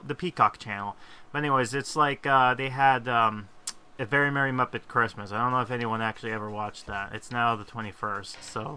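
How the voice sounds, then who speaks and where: A man's voice: mid-range voice, bright, forceful tone. A man casually commentating while playing a game, rambling and poking fun at himself. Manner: rambling, self-deprecating, with frequent fillers. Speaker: gaming video host.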